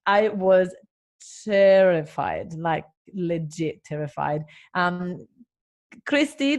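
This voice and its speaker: A woman business coach talking casually to viewers, telling a chatty story with laughs and fillers. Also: medium pitch. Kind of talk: casual live talk to viewers.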